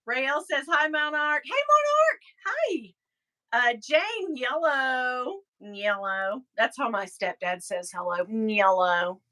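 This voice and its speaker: A woman's voice: high voice, sing-song, measured pace, bright, forceful tone. A middle-aged woman hosting a live stream, chatting casually, telling stories and reading out viewer comments. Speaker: livestream host.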